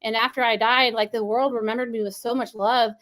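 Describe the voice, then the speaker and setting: A woman's voice: fairly high pitch, flat delivery, a little fast, fairly bright tone. A woman being interviewed as a guest, rambling with many restarts and fillers. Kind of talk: casual interview talk.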